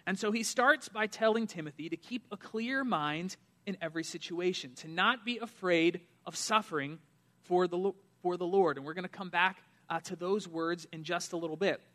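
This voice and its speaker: Young pastor guy preaching, high bright voice, chatty and earnest, lots of uhs. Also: normal speed. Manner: earnest, conversational preaching with fillers. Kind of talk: sermon.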